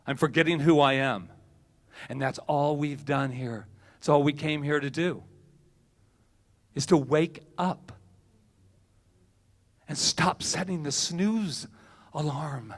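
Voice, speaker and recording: Animated male minister, slightly higher voice. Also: slow, long pauses. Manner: animated, acts out quoted voices, swings loud and soft. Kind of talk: sermon. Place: church service hall.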